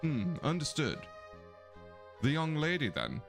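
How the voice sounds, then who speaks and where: A man's voice: on the high side, huge pitch swings, measured pace, creaky, faint music behind, voice pushed up, heavily acted. A man voicing a composed male investigator in a posh, clipped, formal manner.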